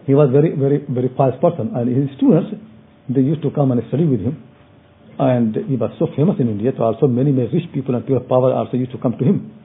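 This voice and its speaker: A man's voice: medium pitch, quick pace. A man giving an earnest sermon-style Quran commentary, often repeating and restarting his phrases. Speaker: Islamic scholar teaching tafsir. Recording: tinny phone-like audio.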